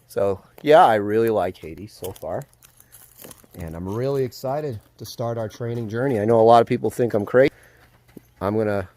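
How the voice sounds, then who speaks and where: A man vlogging casually outdoors at a horse paddock, excited and chatty, with lots of fillers, filmed on a handheld phone. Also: on the low side. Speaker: vlogger, dog trainer. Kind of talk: casual vlog to camera.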